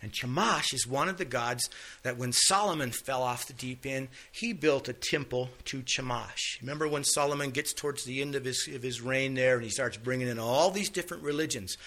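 A man's voice: medium pitch, fairly quick, pushed and bright. A man teaching a Bible lesson, retelling stories in a folksy, conversational way and casually acting out the characters' lines. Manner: folksy storytelling, acts out quotes casually.

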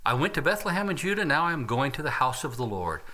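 Animated male preacher, bright voice. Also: mid-range voice, quick pace. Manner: animated Bible reading with asides. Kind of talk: expository sermon.

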